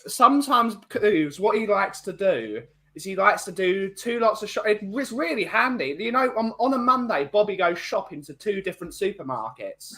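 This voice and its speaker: A man's voice: high-pitched, big pitch swings, normal speed, sharp tone. Male podcast host, teasing, jokey, casual banter.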